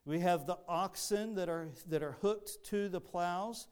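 A man delivers a sermon in a smooth, resonant voice pitched a little high. He talks earnestly, circling back and repeating words as he builds his point. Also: unhurried, a little mellow. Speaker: pastor.

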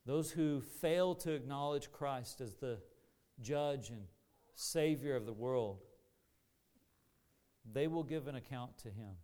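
Slow, resonant male preacher. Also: medium pitch, mellow, smooth. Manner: earnest, deliberate preaching with rising emphasis. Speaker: pastor. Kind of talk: sermon.

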